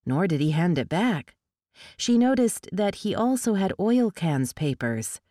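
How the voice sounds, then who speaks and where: A woman with a low voice reads a novel aloud at a steady, measured pace. The recording is dry and close, with no room sound. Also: dry recording. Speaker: audiobook narrator. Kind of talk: scripted narration of a novel.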